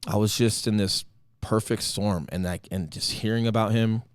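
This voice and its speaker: A young man with a lowish voice tells a personal story on a podcast in a lively, casual way, sometimes acting out others' lines in a put-on voice. The sound is dry and close, with no room around it. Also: normal speed, clean tone, no room sound. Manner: animated, acts out quotes with a put-on high voice. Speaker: podcast host.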